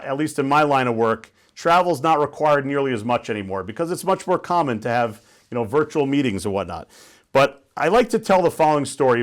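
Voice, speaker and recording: A man giving a conversational talk to an audience, telling a story and asking listeners questions. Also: fairly high pitch. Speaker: guest speaker.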